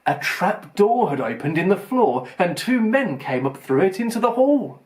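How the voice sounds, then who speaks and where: A man reading a children's storybook aloud in an expressive, lively way. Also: high-pitched, normal speed. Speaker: audiobook reader. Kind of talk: children's audiobook narration.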